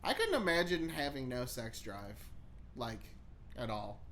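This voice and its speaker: A man's voice: medium pitch, big pitch swings, measured pace, a bit bright, a little hiss or hum. A young man co-hosting a podcast, telling rambling stories with lots of swearing and fillers. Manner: rambling storyteller, swears, acts out quotes. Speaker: podcast co-host. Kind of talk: casual chat.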